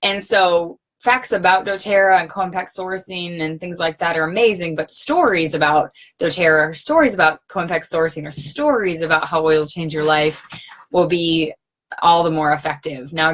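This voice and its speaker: A woman's voice: deep voice, fairly bright tone. A woman giving a casual sales training talk, conversational, checking in with her listeners often. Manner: conversational, often checks in with "okay?" and "you know".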